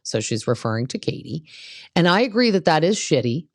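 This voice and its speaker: A woman's voice: sits low, very animated, brisk, no room sound, studio quality. A woman hosting a casual gossip recap of reality TV, blunt and opinionated, who swears freely.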